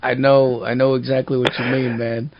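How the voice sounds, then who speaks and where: A man in his forties hosting an interview, chatting in a relaxed and agreeable way and swearing freely. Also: medium pitch, a little fast, muffled recording, a little hiss or hum. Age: 40s. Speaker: show host. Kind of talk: casual interview chat.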